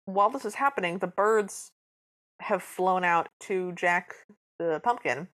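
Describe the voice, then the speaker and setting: A woman's voice: lowish voice, fairly bright tone. A woman co-hosting a podcast who recaps a film scene by scene in casual chat, slipping into the characters' lines. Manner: chatty narration with acted-out quotes. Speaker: podcast co-host.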